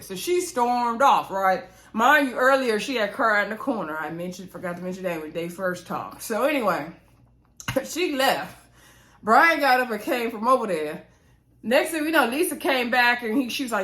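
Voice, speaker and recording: A woman's voice: medium pitch, expressive, fairly bright tone. Chatty woman gossiping through a recap. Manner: chatty, gossipy, playful asides; frequent fillers and quick laughs. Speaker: reality TV reviewer. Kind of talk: casual recap review.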